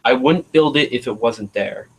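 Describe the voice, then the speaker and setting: A man's voice: mid-range voice, normal speed, breathy edge, rough recording. A man hosting a casual livestream chat, rambling and trailing off as he searches for words. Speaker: livestream host.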